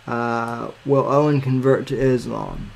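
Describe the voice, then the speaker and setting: A man hosting his podcast in casual talk, halting and searching for words as he sets up a clip. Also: medium pitch, fairly even intonation, gravelly, darkish tone. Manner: halting, searching for words while working the screen. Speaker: podcast host.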